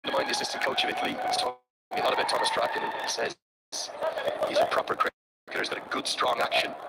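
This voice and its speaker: A man with an Irish accent giving live cricket commentary, chatty and wry with joking asides. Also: fast talker. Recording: loud background noise over commentary.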